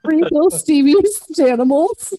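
A woman with a mellow, fairly high voice joins casual podcast banter. She speaks slowly, drawing out her reactions and giggling between lines. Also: expressive, poor audio. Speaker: podcast co-host.

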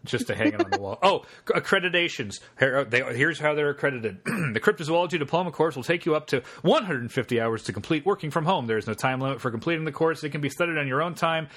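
A man co-hosting a casual podcast, reading a course listing aloud with amused, deadpan asides. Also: on the high side, fast talker, few pauses. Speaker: podcast co-host.

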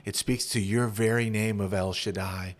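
A man's voice: fairly low pitch, fairly even intonation, normal speed. A man, a pastor, talking earnestly on a podcast and walking through example prayers as he teaches. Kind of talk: podcast conversation.

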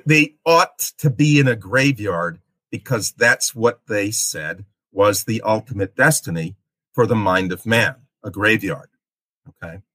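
A male lecturer talks slowly and with a bright, forceful tone. He explains step by step and often pauses to check in with "okay?". The recording is dry and close. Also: fairly low pitch, expressive, no echo. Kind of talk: literature lecture.

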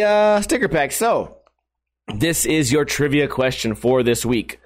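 A man hosting a podcast in a crude, rambling, jokey comedic monologue. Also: on the high side. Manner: crude, rambling, jokey, puts on silly voices. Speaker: podcast host.

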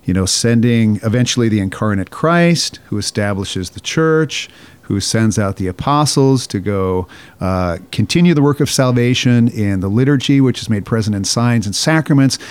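A man's voice: medium pitch, expressive, moderate pace, a little mellow, clean tone. A man co-hosting a podcast, explaining ideas the way a classroom teacher would. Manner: explanatory, lecturing.

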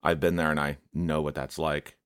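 A man's voice: very deep voice, little pitch movement, moderate pace, fairly bright tone, smooth, no echo, clean studio sound. A man on a podcast sharing his personal testimony with emphatic, fervent interjections. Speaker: podcast co-host.

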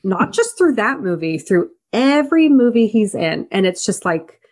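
Lively, laughing woman podcast co-host. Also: mid-range voice, normal speed. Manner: animated, laughs often. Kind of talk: casual movie review chat.

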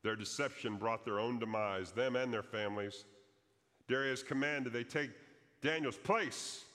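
A man's voice: medium pitch, moderate pace, fairly bright tone, in a large hall. A man preaching a sermon as pastor, telling a story dramatically and acting out the quoted prayers.

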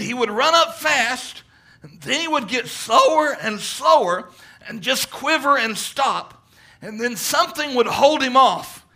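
Male preacher, high bright voice, fervent sermon delivery with swelling emphasis. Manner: fervent, quoting at length, rising emphasis. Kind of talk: sermon retelling a vision.

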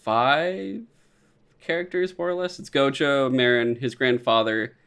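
A man co-hosting a podcast in casual chat, animated and swearing freely, laughing often. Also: medium pitch, unhurried, clean tone. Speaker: podcast co-host.

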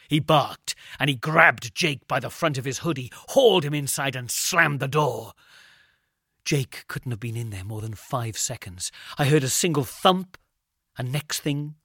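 A man reading a suspenseful story aloud in a measured voice that drops to a hush at tense moments. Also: mid-range voice, no room sound, studio quality. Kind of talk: scripted story narration.

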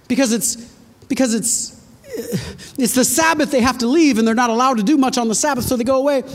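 A woman with a high voice preaches a sermon to her congregation. She retells a story dramatically, using rhetorical questions and addressing listeners directly.

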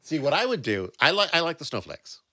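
A man's voice: sing-song, brisk, pushed and bright, dry recording, clean studio sound. A man co-hosting a podcast, chatting casually about a novel and reading passages aloud. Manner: reads aloud, raising his pitch for quoted lines. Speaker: podcast co-host. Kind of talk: casual book discussion with a dramatic reading.

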